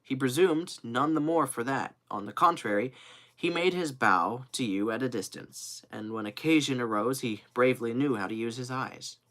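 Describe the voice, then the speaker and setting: A man reading a classic novel aloud live, expressive, with occasional slips and fillers. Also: medium pitch, normal speed. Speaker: reader.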